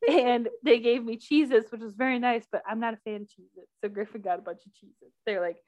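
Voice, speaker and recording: A young woman hosting a podcast, casually telling a personal story with lots of laughter and loudly acted-out quotes. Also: on the high side, fairly quick. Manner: animated, laughs often, acts out quotes loudly. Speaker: podcast host.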